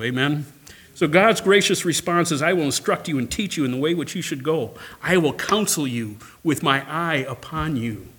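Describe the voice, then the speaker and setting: A man's voice: on the high side, a bit bright. A male pastor preaching a sermon, emphatic, repeating phrases and calling for amens.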